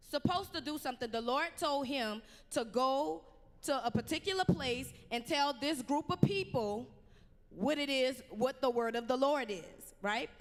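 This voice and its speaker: A woman's voice: a little high, fairly bright tone, big-room sound. A woman preaching a conversational youth sermon in a church, full of slang and call-and-response with the crowd. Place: church sanctuary.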